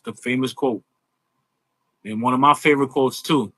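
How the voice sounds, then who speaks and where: A man being interviewed, talking in a casual, animated way about wrestling, often saying "you know". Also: medium pitch, moderate pace, dry recording. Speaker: guest, social media influencer.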